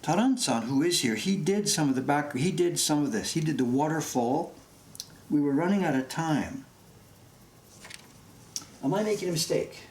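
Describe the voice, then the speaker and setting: This man, in his sixties, has a fairly high, darkish voice with a Canadian accent faintly tinged with English, and he speaks animatedly at normal speed with frequent pauses. He's enthusiastic, chatty and easily amused, casually streaming from his print workshop in an echoey room with background noise.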